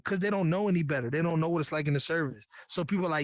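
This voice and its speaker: A man's voice: a little high, fast talker, hardly any pauses, no room sound. A man from New York, a Navy veteran guest, telling his story in a candid, earnest, slangy way. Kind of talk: casual storytelling.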